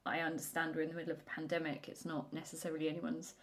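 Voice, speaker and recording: A woman's voice: low-pitched, monotone, very fast. Chatty British woman podcast host. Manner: chatty, frank and supportive. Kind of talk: casual podcast chat.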